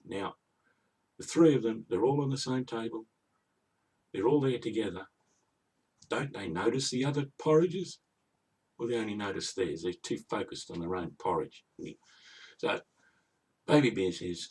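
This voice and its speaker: Low husky aussie bloke ranting through a fairy tale, kinda far off the mic. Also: male voice, expressive, normal speed, pauses often, darkish tone. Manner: indignant, rambling, grumbling asides. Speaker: comic storyteller. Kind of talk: comic retelling of a fairy tale.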